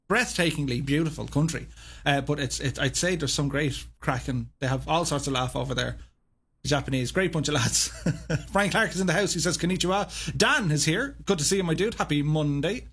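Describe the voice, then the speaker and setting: A man's voice: a little high, fairly bright tone, breathy edge. A man hosting a live stream, reading out chat greetings in an upbeat, chummy way and chuckling often.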